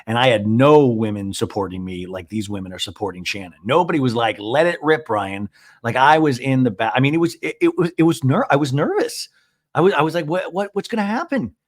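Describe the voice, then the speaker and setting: Giggly, animated man recapping TV. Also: mid-range voice, fast. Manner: animated, giggly, confessional, jumps into voices. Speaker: podcast host. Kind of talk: comedic TV recap monologue.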